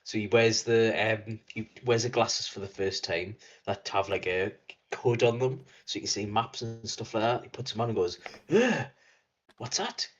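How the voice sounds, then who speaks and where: A man's voice: on the low side, fairly even intonation, moderate pace, few pauses, lo-fi sound. A man co-hosting a podcast in casual chat, laid-back with dry quips. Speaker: podcast co-host.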